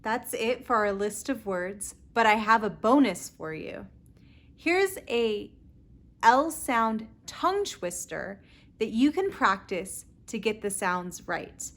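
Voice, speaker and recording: A woman with a Southern Californian accent teaching pronunciation, repeating each word slowly and clearly. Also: on the high side, very animated, a bit bright. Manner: clear, deliberate word repetition. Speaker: pronunciation tutor. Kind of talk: slow pronunciation lesson.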